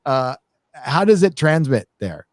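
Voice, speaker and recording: A man co-hosting a casual podcast, recapping a film in a loose, rambling way with frequent fillers and false starts. His voice sits at an ordinary middle pitch and is recorded dry and close, with no room sound. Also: very animated, measured pace, no room sound. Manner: rambling, many fillers and restarts. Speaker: show co-host. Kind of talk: casual podcast movie review.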